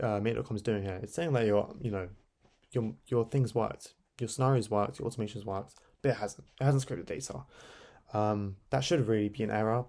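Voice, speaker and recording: Chatty man, gravelly and mellow. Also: medium pitch. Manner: chatty, loose, lots of fillers and tag questions. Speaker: tutorial host. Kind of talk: casual screen-recorded tutorial.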